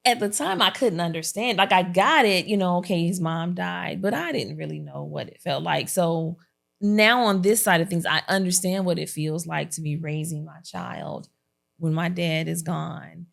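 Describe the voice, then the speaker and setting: Woman podcast host, low gravelly voice, chatty storyteller who laughs easily. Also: measured pace. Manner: lively storyteller who acts out quotes and laughs often. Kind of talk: casual sit-down chat.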